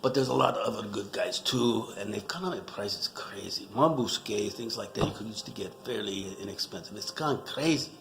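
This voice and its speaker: A man's voice: lowish voice, moderate pace, vocal fry, few pauses, a bit bright, slight background noise. A middle-aged man in a rambling, self-mocking comic rant, joking loosely as he talks about wine. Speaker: wine vlogger. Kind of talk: casual comedic rant. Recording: echoey room.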